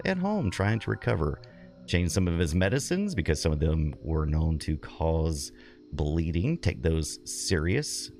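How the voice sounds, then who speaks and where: Rambling middle-aged man, deep voice, casual game-stream chat, laughs often. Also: creaky, a little mellow.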